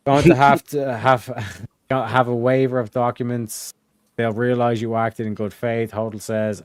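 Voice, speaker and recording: A young man casually reading old case transcripts aloud to friends, halting with fillers and swearing. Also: medium pitch, level tone, clean tone, no echo, clean studio sound. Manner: profane, halting, reads with fillers. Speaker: host reading case files.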